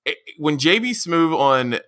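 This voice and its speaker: A man co-hosting a podcast in casual chat, animated and excitable, acting out what others say. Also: on the high side, a little slow. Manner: animated, excitable, laughs often, acts out quotes loudly. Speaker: podcast co-host.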